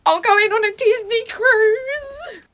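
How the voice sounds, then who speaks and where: A woman voicing a shrill, excitable, gossipy female nursery worker in a comedy skit. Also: a little slow, exaggerated voice. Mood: squealing. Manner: squealing and excitable.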